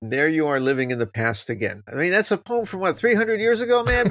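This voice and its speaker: A man who teaches Zen, co-hosting a casual podcast discussion and talking in an animated, playfully teasing way. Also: on the high side, brisk, few pauses, no echo. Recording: dull, dry lo-fi sound.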